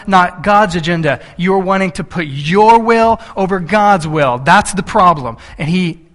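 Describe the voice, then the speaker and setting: A high-voiced man preaching, who drops into lower, hushed voices to act out the disciples. He laughs often, slows right down to stress a point and rushes through his asides. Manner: slows down for emphasis, speeds up in asides. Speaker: pastor. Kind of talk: sermon with dramatized retelling.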